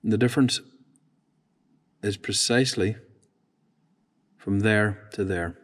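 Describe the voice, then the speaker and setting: A man's voice: on the low side, slow pace, pauses often. A man working as an AV installer, talking through each step of tuning a sound system as he goes. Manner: methodical, explains each step as he works. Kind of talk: casual narrated work vlog. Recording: long hall reverb.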